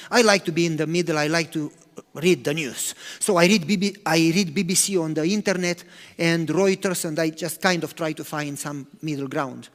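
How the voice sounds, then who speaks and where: A man preaching a sermon as pastor, animated, swinging from loud to hushed. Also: sits high. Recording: long hall reverb.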